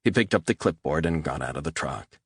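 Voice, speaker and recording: A man reading a thriller audiobook as narrator, steady and measured. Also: very deep voice, breathy edge, no echo, clean studio sound. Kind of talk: scripted narration.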